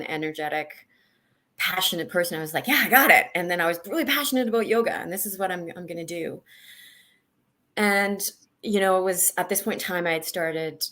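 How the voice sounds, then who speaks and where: A woman guest on a video-call interview, talking candidly and haltingly about a hard personal time, with many restarts. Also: sits low. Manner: halting, many restarts, animated when reliving moments. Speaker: guest, senior leader.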